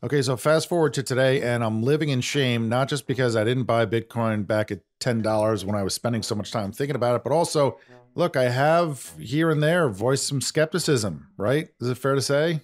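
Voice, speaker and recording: A man's voice: medium pitch, fairly quick. Chatty self-deprecating male podcast host. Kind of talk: conversational podcast banter.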